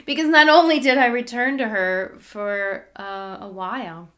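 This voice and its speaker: A woman telling a personal story in a candid, animated way, sometimes dropping to hushed asides. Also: a little high, measured pace. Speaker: spiritual channel host.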